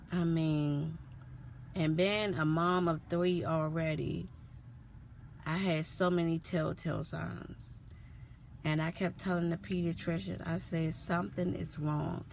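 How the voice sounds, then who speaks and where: A woman's voice: sits low, steady tone, takes it slowly, creaky, pauses often, darkish tone, slight background noise. A woman, a mother, earnestly telling her son's story in a personal vlog, repeating herself with feeling. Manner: earnest, repetitive, emotional retelling.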